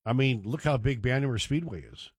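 A man's voice: medium pitch, animated, brisk, darkish tone, husky, no echo. A man hosting a talk radio show, rambling and digressing with joking asides. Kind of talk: casual talk radio monologue.

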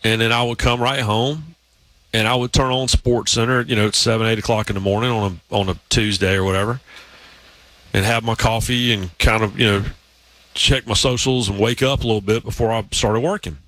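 A man's voice: lowish voice, fairly even intonation, brisk, a bit bright, no echo. A man hosting a sports talk show, telling long stories in a casual, rambling way. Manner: storytelling, rambling with restarts. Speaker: podcast host.

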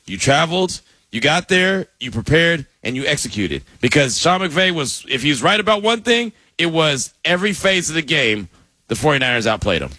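A man co-hosts a sports talk radio show, animated and conversational with a teasing edge. His voice is bright and slightly high for a man. The studio sound is close and dry. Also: normal speed, no room sound. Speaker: radio co-host.

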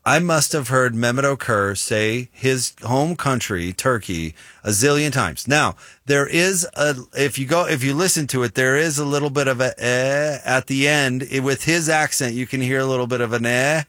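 Utah guy on sports radio, bright voice, dry close sound, chatty and joking. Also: medium pitch, moderate pace, hardly any pauses, no room sound. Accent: Utah American. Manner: chatty, self-deprecating, animated storyteller. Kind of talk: casual sports radio chat.

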